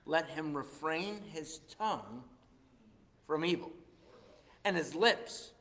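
Animated preacher man in an echoey hall. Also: fairly high pitch, slow pace. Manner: animated preaching, swings between loud and hushed. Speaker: pastor. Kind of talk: sermon. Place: church.

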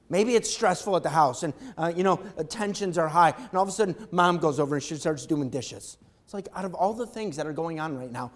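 A male pastor preaching an animated sermon, swinging from quiet reflection to loud excitement. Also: high-pitched, fairly quick, hardly any pauses.

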